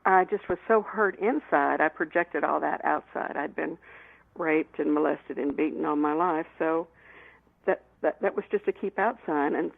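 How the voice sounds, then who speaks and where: Woman guest telling stories w lots of laughs, kinda low n gravelly, sounds like a phone call. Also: normal speed, dry recording. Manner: lively anecdotes with frequent laughs and restarts. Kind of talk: storytelling in an interview. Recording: tinny phone line, dry.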